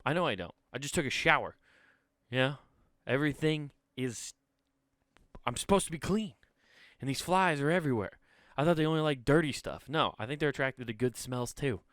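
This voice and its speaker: A man hosting his own comedy podcast, ranting casually with rambling, profane, animated talk. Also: medium pitch, normal speed, long pauses, no echo, studio quality.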